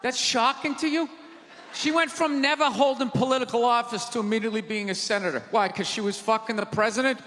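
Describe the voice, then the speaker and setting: A man doing a stand-up routine in a large theater, ranting loudly and mocking people in put-on voices. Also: very high-pitched, fairly even intonation, brisk. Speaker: stand-up comedian. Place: large theater with live audience. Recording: live theater recording, hall reverb, audience noise. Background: audience laughter and crowd.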